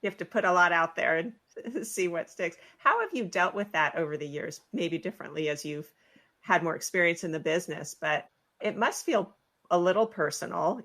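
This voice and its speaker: A woman hosting a casual interview, her voice sitting a little low. She asks thoughtful follow-up questions and affirms what her guest says. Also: fairly bright tone. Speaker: interview host.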